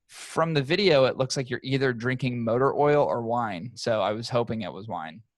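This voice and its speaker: A young man chats on a podcast and swears freely while he tells an animated story. His voice sits at an ordinary pitch and sounds close and dry, with no room around it. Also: moderate pace, no room sound. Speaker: podcast co-host. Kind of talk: casual chat.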